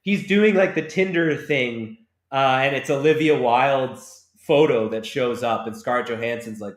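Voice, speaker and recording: A man guesting on a casual movie podcast, an animated storyteller who acts out film scenes in funny voices. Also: medium pitch, unhurried, echoey room. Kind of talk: casual chat.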